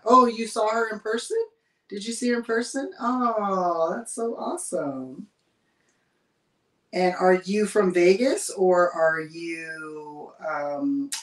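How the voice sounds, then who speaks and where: Chatty woman host, roomy and distant. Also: on the low side. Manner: chatty, laughs often while reading viewer comments. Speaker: livestream host. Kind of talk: casual livestream chat.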